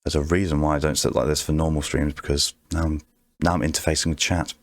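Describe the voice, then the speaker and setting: A man streaming his art, talking softly in an ASMR-style murmur right on a close microphone, rambling to himself as he draws. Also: very deep voice, little pitch movement, quick pace, no echo. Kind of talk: soft ASMR-style stream chat while drawing. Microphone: very close desk microphone. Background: faint background music.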